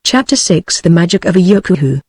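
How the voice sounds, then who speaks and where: A text-to-speech woman's voice with a British accent, reading a book aloud in an even, unhurried way. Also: fairly low pitch, breathy edge, no echo. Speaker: narrator. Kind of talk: audiobook reading.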